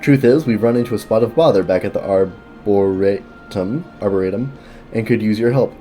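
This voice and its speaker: A man's voice: on the low side, normal speed, dark tone, faint music behind, close to an everyday voice. A man reading a friendly quest-giver's game dialogue aloud in a plain voice, with small slips.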